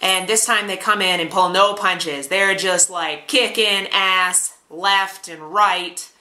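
A woman's voice: on the low side, fairly even intonation, slow pace, pushed and bright. A woman recapping an anime episode as a reviewer, chatty and sarcastic. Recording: roomy echo.

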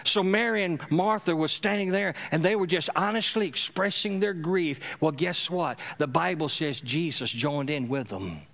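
A middle-aged pastor, preaching in a high, bright, ringing voice. He calls on the congregation to answer back, rising to loud exhortation and then dropping to soft, low murmurs. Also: normal speed, creaky, hardly any pauses. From Louisiana, USA. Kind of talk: sermon. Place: church sanctuary.

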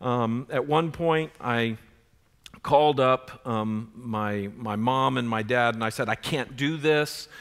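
A man's voice: mid-range voice, fairly even intonation, takes it slowly, fairly bright tone, smooth. A man in his forties preaching a sermon as pastor, earnest and building in force on key points. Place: church sanctuary. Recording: church sanctuary with long reverb.

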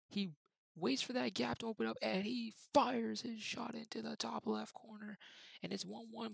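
Gravelly young man doing game commentary. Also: high voice, dry recording, low-quality recording. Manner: mock play-by-play commentary, excitable on goals. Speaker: gaming YouTuber. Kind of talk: gameplay commentary.

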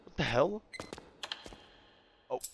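A young man giving casual, profane commentary while playing a horror game, yelping and shouting when something startles him. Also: slow, slight background noise. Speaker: gaming video creator.

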